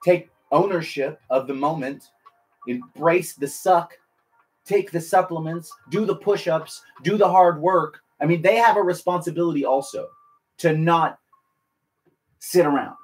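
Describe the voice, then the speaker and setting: A man's voice: on the high side, measured pace, faint music behind. A man, a military veteran, talking earnestly and emotionally to viewers on a casual live stream, rambling and restarting his sentences. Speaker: veteran livestreamer.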